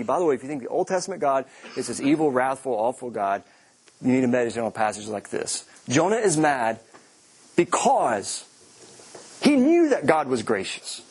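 Male pastor, sermon with humorous asides, slightly raspy, expressive delivery. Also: medium pitch, moderate pace, pauses often. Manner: animated, joking asides, acts out quoted lines.

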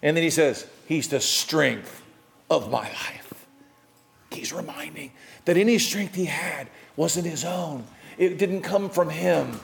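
Animated male preacher, high-pitched. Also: slow, creaky. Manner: animated preaching with dramatic swings in pitch and loudness. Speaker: pastor. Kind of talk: sermon.

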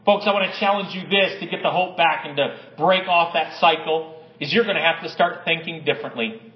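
High-voiced man preaching in an echoey hall. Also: brisk, muffled recording. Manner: energetic preaching, reads stories aloud, rising to emphatic peaks. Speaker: pastor. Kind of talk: sermon.

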